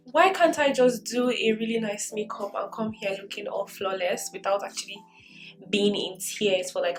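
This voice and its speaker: A woman's voice: mid-range voice, poor audio. Young female vlogger, earnest motivational tone, mid-range voice, light background music. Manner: earnest, encouraging, laughs often. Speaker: lifestyle vlogger. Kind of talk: casual get-ready-with-me advice vlog. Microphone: camera mic while doing makeup.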